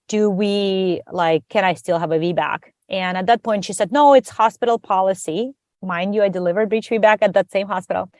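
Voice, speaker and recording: A woman guest on a podcast, telling her story in a lively, conversational way and acting out the voices of others. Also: mid-range voice, no room sound, studio quality. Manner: animated, acts out quoted dialogue.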